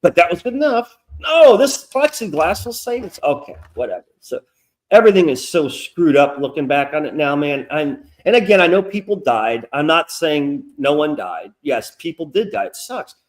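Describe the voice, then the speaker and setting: A man's voice: a little high, big pitch swings, normal speed. A middle-aged man telling stories in a casual, profane interview chat, acting out quoted asides. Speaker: guest comic creator. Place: lives in North Carolina.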